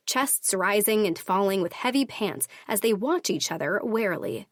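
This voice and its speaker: Woman audiobook narrator, first-person romance, measured and steady, dead-dry booth. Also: medium pitch, no room sound.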